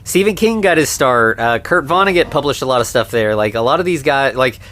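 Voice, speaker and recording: A podcast co-host rambles casually through a recap of an old movie, leaning heavily on fillers like "like" and "you know." His medium-pitched voice is animated, a little fast and fairly bright.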